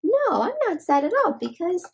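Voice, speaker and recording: A woman voicing a cheerful toy bunny rabbit in a chirpy, squeaky way for little children. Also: big pitch swings, normal speed, creaky, exaggerated voice.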